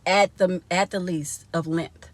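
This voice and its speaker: A woman's voice: on the low side, fairly even intonation, unhurried. A young woman vlogging casually from inside a car, chatty and laughing often as she talks to her viewers.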